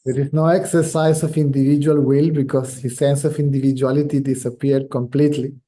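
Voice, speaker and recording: A middle-aged man whose first language is Spanish, giving a reflective spiritual talk as a teacher. He speaks slowly and carefully, repeating phrases as he searches for words. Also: medium pitch, flat delivery, warm tone.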